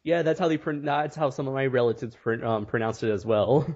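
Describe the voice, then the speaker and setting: A man co-hosting a podcast in casual chat, quick and jokey with frequent laughs. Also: mid-range voice, a little mellow. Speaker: podcast co-host. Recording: dull lo-fi audio.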